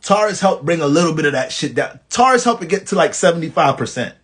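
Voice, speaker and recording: A man from the Bronx with a New York accent, talking astrology in a casual vlog, full of swearing and animated stories. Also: on the high side, quick pace. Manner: profane, animated storytelling.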